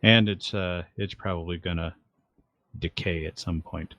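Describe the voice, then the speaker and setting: Man, game master, slow and unhurried, dry close sound, rambling narration with pauses. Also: deep voice, fairly even intonation, a bit bright, dry recording, lo-fi sound. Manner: rambling, hesitant narration with fillers.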